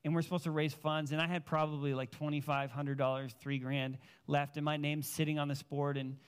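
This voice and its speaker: Animated storytelling pastor, man. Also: a little high, a little fast, clear, resonant tone. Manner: animated storytelling, casual filler words. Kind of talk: sermon with personal stories.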